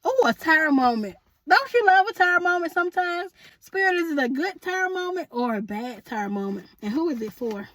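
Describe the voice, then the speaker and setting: A woman's voice: extremely high pitch, sing-song, fairly quick, fairly bright tone, no room sound. A woman giving a chatty, sassy tarot reading to her viewers, calling them honey and boo and laughing often. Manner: laughs often, asks spirit aloud. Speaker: tarot reader.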